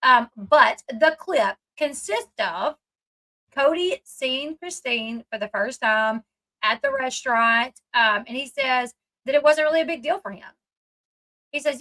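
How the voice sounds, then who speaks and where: A woman's voice: sits high, measured pace, bright, forceful tone, low-quality recording. A woman hosting a casual commentary recap, retelling scenes chattily and acting out what people said. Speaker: commentary channel host.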